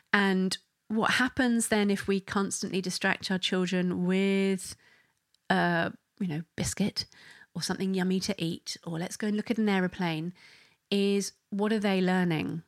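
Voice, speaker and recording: A woman in her thirties or forties talks through parenting ideas in an earnest, chatty way, restarting sentences and adding "you know" as she goes. Her voice sits at a middle pitch. The recording is dry, with no room sound. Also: a bit bright, no echo. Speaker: parenting educator. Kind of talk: talk on parenting.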